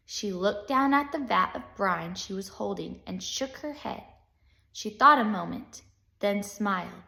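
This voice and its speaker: A woman narrating a children's book in a bright, lively voice, taking her time over each line. Her pitch rides high and moves a lot, and the reading sounds echoey, as if in a bare room. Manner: expressive, unhurried storytelling. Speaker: audiobook reader.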